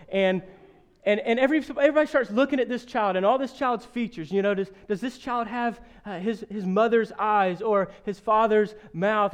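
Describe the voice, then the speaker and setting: A pastor in his thirties preaches a sermon with a high, smooth, clear voice. He tells stories laced with self-deprecating humor, then builds to emphatic rhetorical questions before dropping into a soft, earnest hush.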